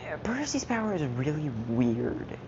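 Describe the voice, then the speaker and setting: A woman's voice: low-pitched, measured pace. A woman casually telling a fan story, slangy and self-mocking, often losing her train of thought. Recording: muffled lo-fi mic, steady background noise.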